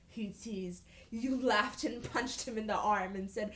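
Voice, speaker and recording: A woman's voice: medium pitch, slow. A young woman reading old fan fiction aloud and breaking off for sarcastic, incredulous asides. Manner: sarcastic, incredulous asides between read passages. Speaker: YouTuber. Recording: roomy echoey room.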